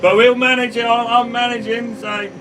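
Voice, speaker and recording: Chatting from inside a sprayer cab out on a farm field, a farmer greets his live stream viewers by name in a casual way. His voice is extremely high-pitched and level in tone, at a moderate pace. Vehicle noise comes through a distant mic.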